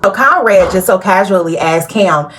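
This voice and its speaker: A woman hosting a casual TV recap, chatty and animated, talking straight to her viewers and laughing often. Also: medium pitch, normal speed, a little hiss or hum. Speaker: TV recap host.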